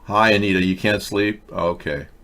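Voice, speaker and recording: Guy hosting a live chat show, low kinda monotone voice, rambling on with dry little asides. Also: moderate pace. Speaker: host. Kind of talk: casual live commentary.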